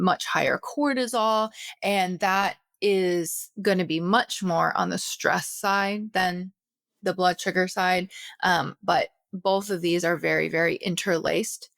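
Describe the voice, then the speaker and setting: Breathless and casual, this thirties-aged health podcast host keeps tossing in "okay?" asides. Her voice is fairly low and gravelly with a fairly bright tone, recorded on a podcast setup with no room sound.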